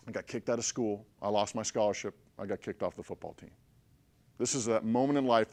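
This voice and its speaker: Speaking at a fairly low pitch, a male motivational speaker shares a personal story with a group of listeners. His animated delivery alternates hushed passages with loud bursts, and he keeps checking in with the audience.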